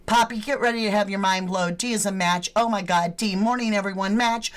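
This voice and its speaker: This woman runs a true crime channel and talks loosely with live viewers, calling out their names in greeting and dropping casual swears. She has a medium pitch and fairly even intonation and talks a little fast.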